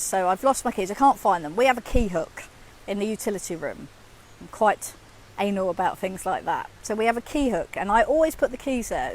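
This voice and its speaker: A woman in her fifties, a communication coach, talking casually to camera and acting out her own inner voice. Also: medium pitch. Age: 50s.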